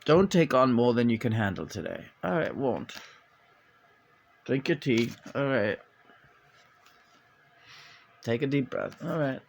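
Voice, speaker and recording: A man's voice: mid-range voice, lively intonation, takes it slowly, gravelly, pauses often. A man chatting casually and playfully while doing a tarot reading, with a hesitant, rambling manner and bits of meowing sing-song. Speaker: tarot reader.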